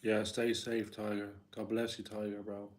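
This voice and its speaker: A fairly low-pitched man hosting a casual livestream. He talks in a relaxed, offhand way, laughs a lot and ends most sentences with "bro". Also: moderate pace. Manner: laid-back, says "bro" constantly, laughs often. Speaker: livestream host.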